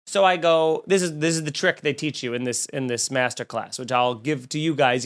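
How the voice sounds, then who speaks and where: A man hosting a casual podcast, telling a lively, profane, joking travel story. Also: a little high, normal speed, hardly any pauses.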